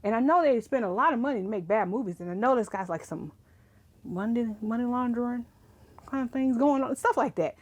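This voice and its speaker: A young woman chatting casually to camera about writing, animated and ranting, laughing often. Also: fairly high pitch, a little fast. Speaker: writing vlogger.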